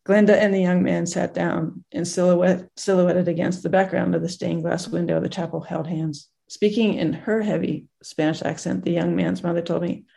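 A group teacher reading a moving story aloud in a gentle way, with pauses and restarts. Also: medium pitch, flat delivery, vocal fry.

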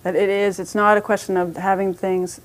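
A woman's voice: medium pitch, flat delivery, moderate pace. A woman teaching a parenting class as a meditation teacher, talking conversationally with frequent restarts and light laughs.

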